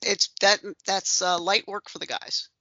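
Lady with a gravelly edge chatting wrestling, blunt, dull lo-fi audio. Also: medium pitch, fairly even intonation, unhurried, sharp tone, no echo. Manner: short blunt interjections. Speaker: podcast co-host. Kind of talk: casual wrestling chat.

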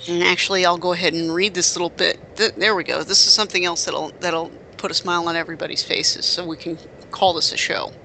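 A man's voice: high-pitched, fairly even intonation, fast, creaky, bright, forceful tone, slight background noise. A man co-hosting a casual podcast, telling stories in a rambling way with frequent restarts and fillers. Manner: rambling, self-correcting storyteller. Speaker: podcast co-host. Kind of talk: casual chat.

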